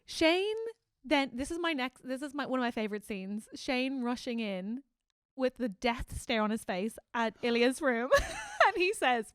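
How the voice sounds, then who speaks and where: A woman co-hosting a comedy podcast in casual chat, excitable and quick to laugh. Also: high voice, clear, resonant tone, dry recording, clean studio sound. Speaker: podcast co-host.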